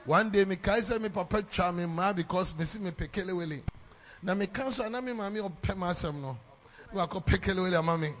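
A man's voice: high voice, a little fast, a bit bright, slight background noise. A man from Ghana with a Ghanaian English accent, preaching a sermon in church, emphatic and repeating lines for effect. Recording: dull lo-fi sermon recording.

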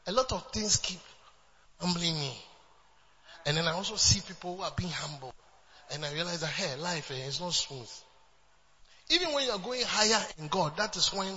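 A man's voice: high-pitched, sharp tone, in a large hall, muffled recording. A man preaching a sermon as pastor, emphatic, with repeated refrains and bursts of laughter.

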